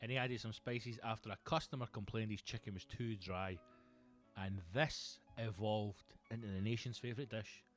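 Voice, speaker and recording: A man with a Glaswegian accent, a comedian hosting his own show, delivering a profane, animated comic monologue. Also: fairly low pitch, normal speed, faint music behind. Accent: Scottish, Glaswegian. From Scotland. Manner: animated, sweary, acts out characters. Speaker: comedian and podcast host.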